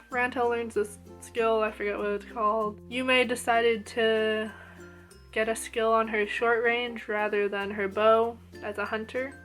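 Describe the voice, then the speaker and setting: A young woman with a fairly high voice reviews an anime episode in a loose, animated way. She gushes, with plenty of "like" fillers. Faint music plays quietly behind her. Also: measured pace. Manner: gushing and animated, lots of "like" fillers.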